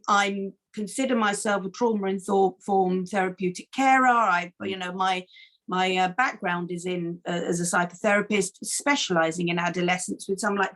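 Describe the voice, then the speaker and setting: A middle-aged woman, a foster carer and campaigner, answering interview questions in an earnest, animated way, with many restarts. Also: lowish voice.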